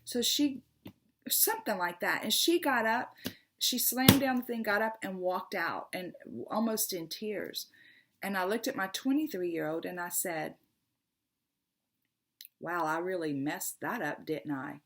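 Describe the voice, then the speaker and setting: A woman's voice: medium pitch, lively intonation, a little slow, fairly bright tone. A middle-aged woman, hosting a casual vlog monologue, earnest and passionate, often stumbling and repeating her words. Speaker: tarot channel host.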